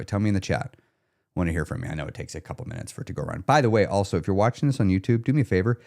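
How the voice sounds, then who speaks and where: A man's voice: sits low, lively intonation, rapid-fire, gravelly, darkish tone. A man coaching viewers on a live stream, speaking emphatically, repeating key questions and checking in with his audience. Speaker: weight loss coach.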